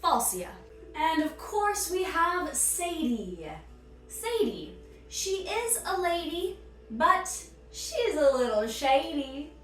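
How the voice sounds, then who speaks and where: Woman, playful comic teacher, lively swoops in pitch, slow delivery, faint music under a roomy sound. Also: distant mic. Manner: playful, punning, mock-stern scolding. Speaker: sketch comedian playing a teacher. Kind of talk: comic skit, mock lesson. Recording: echoey room, off mic, faint music.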